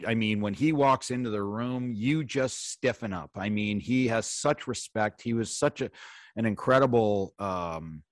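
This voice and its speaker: Ex hockey player host, rambly, lots of uh and um, dry close mic. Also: male voice, fairly low pitch, no room sound. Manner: rambling, halting storytelling with fillers. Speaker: podcast host, former pro hockey player. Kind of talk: casual chat.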